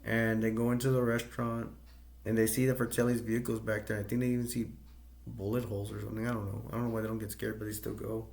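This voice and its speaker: A man retelling a film scene by scene in a loose, rambling way, full of ums and restarts. His voice stays level and even, with little rise or fall. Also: on the low side, quick pace, vocal fry. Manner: rambling, hesitant, with many fillers and self-corrections. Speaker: movie reviewer. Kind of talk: casual movie plot recap.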